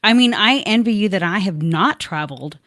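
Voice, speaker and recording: A woman's voice: medium pitch, expressive, normal speed, fairly bright tone, dry recording. A woman hosting a podcast, chatting casually and rambling a little with fillers. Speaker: podcast host. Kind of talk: casual chat.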